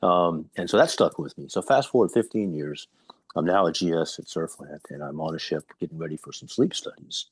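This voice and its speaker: A man's voice: low-pitched, brisk, husky, dry recording. A man in his fifties with an American accent, a guest on a podcast, telling anecdotes with frequent ums. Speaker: retired navy captain guest. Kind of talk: conversational podcast interview.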